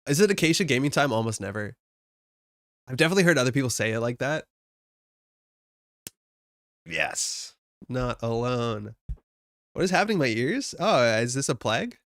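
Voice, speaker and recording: Chatty Canadian man with a gravelly voice. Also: medium pitch, a bit bright, no echo, clean studio sound. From Alberta, Canada. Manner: chatty and self-mocking, thinks aloud, laughs often. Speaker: streamer building a card game deck. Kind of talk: casual live-stream chat.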